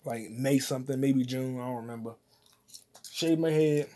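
A man hosting his own solo comedy podcast, cursing often and rambling while he eats popcorn, his voice swinging between loud outbursts and mutters. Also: normal speed. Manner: profane, loud swings in volume and pitch; eating popcorn while talking. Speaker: podcast host.

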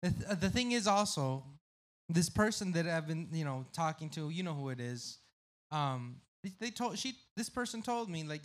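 A man co-hosting a casual podcast, his voice sitting a little high. He talks loudly and swears freely, and he lurches between rowdy jokes and candid admissions. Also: lively intonation, moderate pace. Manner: loud, swearing, jumps between joking and confessional. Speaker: podcast co-host.

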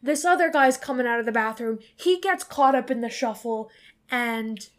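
Woman podcast co-host, higher register, rambling casual recapper, curses freely. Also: lively intonation, normal speed. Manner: rambling, filler-heavy, swears freely. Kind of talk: casual movie recap chat.

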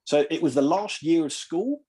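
A man with an English accent that now and then takes on an American twang talks through his past in a relaxed podcast conversation. His voice is slightly husky, and he often stops to restart a thought. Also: on the high side. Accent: English, with an occasional American twang. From England. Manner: reflective, halting, with frequent restarts. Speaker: podcast guest. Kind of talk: casual conversation.

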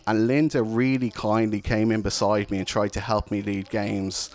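A man's voice: lowish voice, little pitch movement, normal speed, a little mellow. A man, candidly and reflectively telling a personal story of struggle to an audience. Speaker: speaker sharing a personal testimony.

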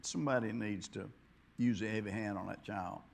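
A man preaching a sermon, rambling and repeating himself, dropping to quiet asides and then rising to loud exhortation. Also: lowish voice, brisk, vocal fry. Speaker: pastor.

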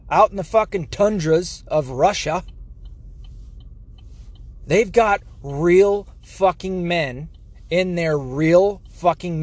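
High-voiced man on a profane rant. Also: a little mellow, no echo. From United States. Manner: heated, profane, sarcastic.

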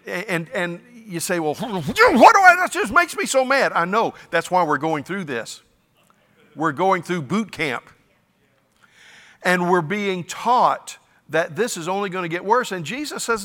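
A man's voice: fairly high pitch, sharp tone, big-room sound. A man preaching a sermon as pastor in a folksy, emphatic way, with stammered restarts. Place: church sanctuary.

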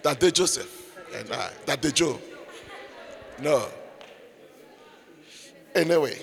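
A man preaching a lively, humorous sermon in a church, moving from shouts to near whispers, with the sound of a reverberant hall. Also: fairly high pitch, slow pace, gravelly, long pauses. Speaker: pastor.

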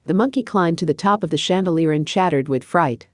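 A woman narrating a storybook in an even, measured reading. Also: on the low side, no room sound, clean studio sound.

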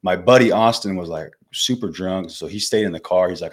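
Fast and low-pitched, a twenty-something man guests on a podcast and casually spins a story. He's relaxed, curses freely, and keeps addressing the host as dude and bro.

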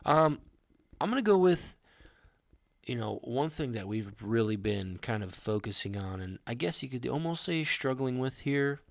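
A man's voice: mid-range voice, normal speed, creaky, few pauses, no room sound, clean studio sound. A young man co-hosting a podcast, chatting casually, joking and rambling with frequent laughs. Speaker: podcast co-host. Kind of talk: casual chat.

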